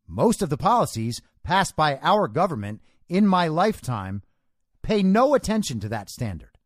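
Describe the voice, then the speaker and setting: Emphatic man with a lively voice. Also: on the high side, normal speed, no echo, studio quality. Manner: emphatic, opinionated, rhetorical questions. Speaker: podcast host. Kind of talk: solo opinion monologue.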